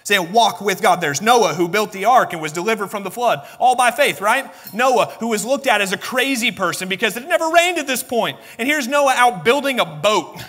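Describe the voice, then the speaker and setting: Male pastor, impassioned sermon, high ringing voice, long church reverb. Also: expressive, normal speed, few pauses, bright, forceful tone. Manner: impassioned preaching, acts out voices of biblical figures. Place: church sanctuary.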